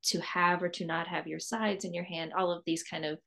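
A woman hosts an interview with a lowish voice and plenty of vocal fry. She talks in long, effusive runs, restarting and repeating words as she thinks aloud. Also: little pitch movement, a little fast, a bit bright. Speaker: podcast host. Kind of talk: interview host, casual conversation.

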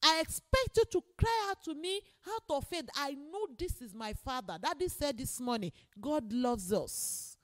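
A woman with a high voice preaches a sermon, her pitch swinging widely and her intonation lively. She speaks emphatically at normal speed with few pauses, repeats key phrases, and often climbs into loud exclamations.

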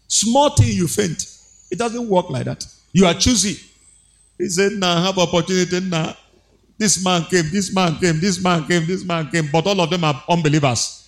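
A man preaching a sermon, exhorting with rhetorical questions, repeated phrases and a sing-song emphasis. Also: high voice.

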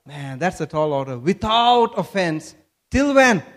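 A man's voice: high voice, sing-song, measured pace. A man from Kerala, India, preaching a sermon and asking the congregation questions. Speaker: pastor.

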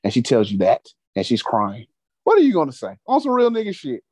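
A man's voice: mid-range voice, huge pitch swings, fairly quick, darkish tone, breathy edge, dry recording. A man hosting a casual podcast chat, telling stories animatedly with slang and profanity. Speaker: podcast host.

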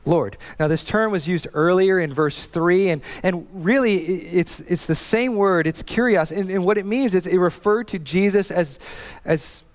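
A man in his thirties preaching a sermon as a pastor, telling a family story in a lively way and often repeating and restarting words. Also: sits high, moderate pace, big-room sound.

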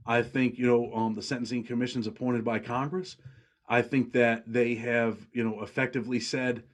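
A man's voice: mid-range voice, level tone, moderate pace. A man hosting a podcast in a casual chat, blunt and outspoken in how he talks. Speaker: podcast host.

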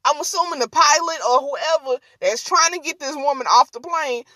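Animated, high-voiced woman host. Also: moderate pace, dry recording. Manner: animated, slangy, laughs often. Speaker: podcast host. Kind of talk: casual storytelling chat.

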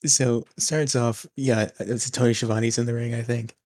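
A young man co-hosting a casual wrestling podcast, excitedly recapping matches and acting out what wrestlers said. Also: medium pitch, moderate pace, no echo. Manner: excitable recapper, acts out quotes. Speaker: podcast co-host.

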